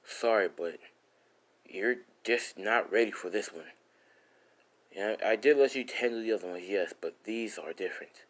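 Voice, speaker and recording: A man playing a stern demon father who speaks low, quiet and firm. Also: normal speed, natural voice.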